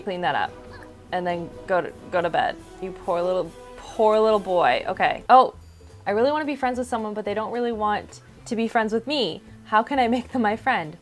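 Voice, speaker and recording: A woman in her thirties giving casual let's-play commentary, chatty and reacting aloud to the game. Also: mid-range voice. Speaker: gaming YouTuber.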